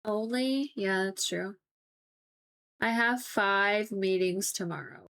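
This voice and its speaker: A young adult woman streaming as she paints, chatting in a relaxed, rambling way with lots of "like". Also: medium pitch, takes it slowly. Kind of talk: casual chat while painting on stream.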